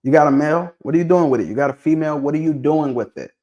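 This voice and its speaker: Animated man prodding his viewers. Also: a little high, racing, highs cut off. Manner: animated, prodding viewers with questions, repeats himself. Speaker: livestream host discussing dog pedigrees. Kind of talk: casual livestream chat.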